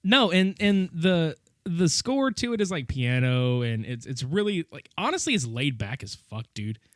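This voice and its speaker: A man's voice: on the high side, sing-song, normal speed, fairly bright tone, dry recording, studio quality. A man co-hosting a casual podcast, joking and swearing in banter with his co-host. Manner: joking, laughing, profane banter.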